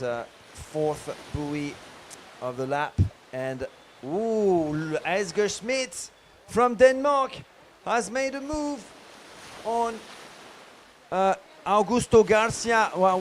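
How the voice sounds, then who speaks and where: High-voiced male race commentator. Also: slight background noise. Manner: lively, many filler pauses. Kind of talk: live sports commentary.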